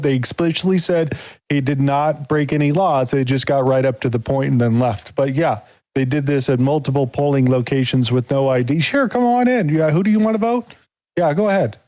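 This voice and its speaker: A man's voice: medium pitch, warm tone, no room sound, low-quality recording. A man hosting a live podcast, talking politics in a rambling, casual way with lots of fillers. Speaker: podcast host.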